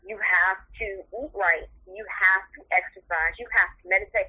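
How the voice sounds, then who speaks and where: Middle-aged woman guest, earnest and tearful, crisp bright tone. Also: medium pitch, moderate pace, rough recording. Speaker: interview guest, mother of the subject. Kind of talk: emotional interview talk.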